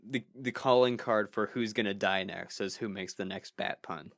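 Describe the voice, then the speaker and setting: A man's voice: on the low side, moderate pace, creaky, fairly bright tone, dry recording, clean studio sound. A man co-hosting a casual movie review podcast, joking, chuckling along and throwing in puns. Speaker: podcast co-host.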